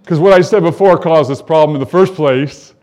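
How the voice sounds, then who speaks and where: A man's voice: a little high, fairly quick, a little mellow. A man teaching from the Bible, reading scripture aloud and breaking off to comment, his voice climbing when he quotes the characters. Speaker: preacher.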